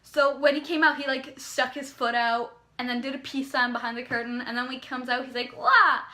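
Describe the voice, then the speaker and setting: A young woman vlogger from Canada excitedly telling a story in casual chat, rambling with lots of "like"s. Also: sits high, brisk.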